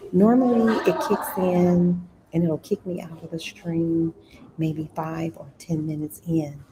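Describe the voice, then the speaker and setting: A chatty woman hosts an impromptu live stream about money and investing, her voice sitting fairly low for a woman. She talks casually, sometimes dropping to a whisper. Store ambience hums clearly behind her. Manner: chatty, drops to a whisper at times. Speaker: host of a money and investing channel. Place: inside a busy computer store. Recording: noisy store background.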